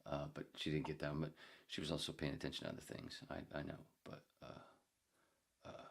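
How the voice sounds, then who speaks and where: A man's voice: a bass voice, flat delivery, a little fast, vocal fry, breathy edge. A man hosting a podcast, rambling through a joke, swearing freely and chuckling at himself. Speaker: podcast host. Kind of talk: casual rambling podcast monologue.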